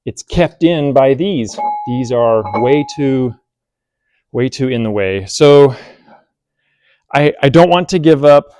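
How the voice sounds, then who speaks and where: A man's voice: mid-range voice, a little mellow, clean tone, no echo. Chatty man working on a tractor. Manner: thinking aloud, self-deprecating, bursts of amused laughter. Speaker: hobby mechanic vlogger. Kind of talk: casual workshop narration. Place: workshop beside a tractor.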